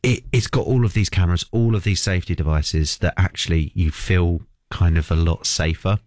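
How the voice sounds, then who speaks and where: Deep-voiced chatty radio presenter man. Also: a little fast, dry recording, clean studio sound. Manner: chatty, animated storytelling. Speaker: breakfast presenter. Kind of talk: casual radio chat. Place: radio studio.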